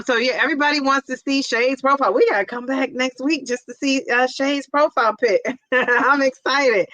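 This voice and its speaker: A middle-aged woman hosts a casual livestream and chats through viewer comments with frequent laughs. Her voice is fairly high and bright. The sound is close and dry. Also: no echo, poor audio. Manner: chatty, laughs often, exclaims "Jeez Louise". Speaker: livestream host.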